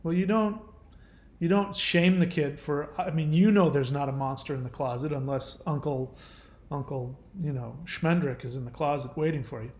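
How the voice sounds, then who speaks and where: Gentle man with a higher voice. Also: fairly even intonation, moderate pace, reverberant. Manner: gentle, reassuring, speaks directly to the viewer. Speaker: channel host answering viewer questions. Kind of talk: casual advice talk.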